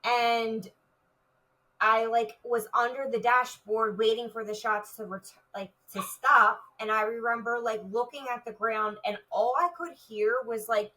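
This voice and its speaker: A woman with a bright, forceful voice tells a personal story as a guest on an interview show. She speaks vividly, filling her sentences with "like." Her voice sits a little back from the microphone. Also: fairly high pitch, steady tone, a little slow, distant mic, rough recording. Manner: vivid retelling with many "like" fillers. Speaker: retired police officer, guest.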